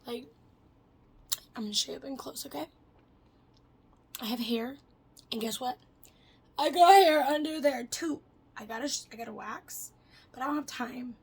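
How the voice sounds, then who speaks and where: A young woman chatting casually to her camera, rambling and swearing, her voice swinging between loud and soft as she jumps between topics. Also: high-pitched, normal speed, long pauses, slightly rough, rough recording. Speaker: vlogger.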